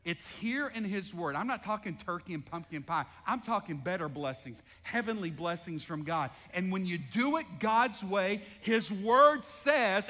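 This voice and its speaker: A man preaching a sermon as pastor, animated, calling out to the congregation in a large church. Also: high-pitched, unhurried, hardly any pauses. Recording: echoey hall reverb.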